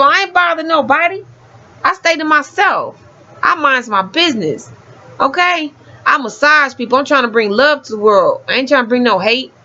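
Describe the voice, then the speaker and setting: A woman's voice: on the high side, a bit bright. A woman, teaching law texts in an emphatic, preachy, casual monologue. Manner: preachy, emphatic, street-talking. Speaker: community educator reading law texts. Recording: dull lo-fi sound.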